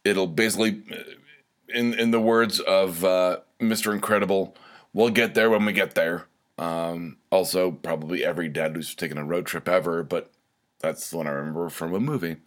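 A young man with a deep, low voice hosts a solo podcast in a loose, casual monologue. He rambles, restarts sentences and pokes fun at himself, with plenty of fillers along the way. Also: steady tone, moderate pace. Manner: rambling and self-deprecating, many fillers and restarts. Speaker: podcast host.

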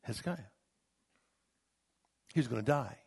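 A man's voice: mid-range voice, expressive, unhurried, gravelly, breathy edge, dry recording. A middle-aged male pastor preaching a sermon, swinging from emphatic rises to near-whispers, often restarting his words. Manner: repeats words and restarts mid-phrase.

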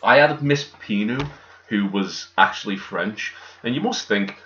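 A man's voice: fairly low pitch, measured pace, fairly bright tone. A man, co-hosting a podcast in jokey, casual banter. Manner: jokey, does silly voices. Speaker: podcast co-host. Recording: echoey, dull-sounding room.

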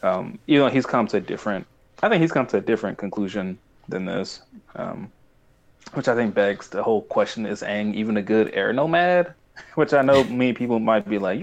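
Young male co-host, low-pitched, rambling and animated. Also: fairly quick. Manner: rambling, animated, acts out quoted lines. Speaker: podcast co-host. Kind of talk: casual chat recapping a cartoon.

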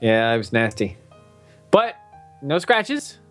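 A man's voice: medium pitch, big pitch swings, slow, a bit bright, soft background music. A young man on a casual podcast, rambling through a profane story and laughing often. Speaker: podcast co-host. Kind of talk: casual chat.

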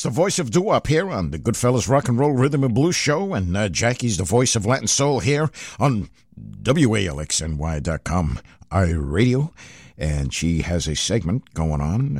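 Older radio host with lively pitch. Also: male voice, slightly rough, no echo, clean studio sound. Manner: lively, rambling, filler-heavy. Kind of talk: casual radio chat between records. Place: radio studio.

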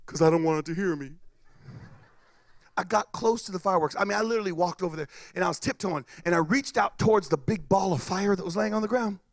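A man doing stand-up, telling a story with loud sound effects and acted-out voices. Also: high voice, quick pace, hardly any pauses, dry recording, studio quality. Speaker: comedian.

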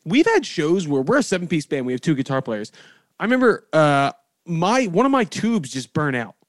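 A man co-hosting and chatting casually as a musician, animated and swearing freely. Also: a little high, moderate pace, dry recording, studio quality. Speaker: co-host, musician. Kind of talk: casual chat.

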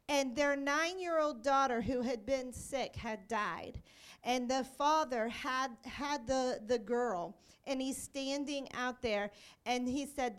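Woman church teacher, high voice, lively storyteller who acts out quotes. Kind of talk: informal teaching on scripture.

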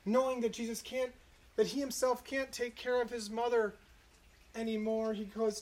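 A preacher giving an earnest, reflective sermon, citing scripture and slowing down to stress key moments. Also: medium pitch, flat delivery, a little mellow. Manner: earnest, reflective, slows for emphasis.

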